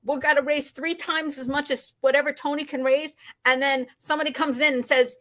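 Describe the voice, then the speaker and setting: A woman guest on a live stream, talking in a gushing, excited, rambling way. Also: high-pitched, brisk, hardly any pauses. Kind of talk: casual live-stream chat.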